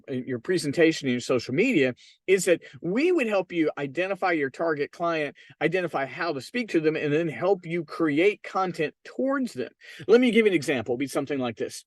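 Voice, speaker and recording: This podcast host, a real estate marketing consultant, speaks a little fast in a highish, sing-song voice with no echo. Alone at the mic, he addresses listeners directly with forceful, persuasive business advice.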